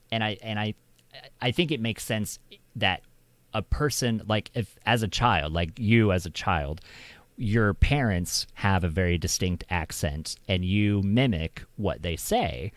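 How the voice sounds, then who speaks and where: An American man with a low, deep voice, talking casually on his stream. He wanders through ideas with plenty of restarts, and the sound is close and dry. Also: unhurried, no room sound. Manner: rambling, restarts often. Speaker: streamer host. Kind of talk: casual chat.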